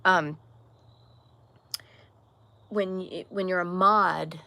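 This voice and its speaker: A woman with a slight Southern accent and a lowish voice hosts a casual livestream chat outdoors on a porch. She speaks frankly and answers viewer comments, often stopping to restart a sentence. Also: steady tone, drawn-out words, creaky, sharp tone, no echo. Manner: candid, frank, with frequent restarts and trailing phrases. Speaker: livestream host.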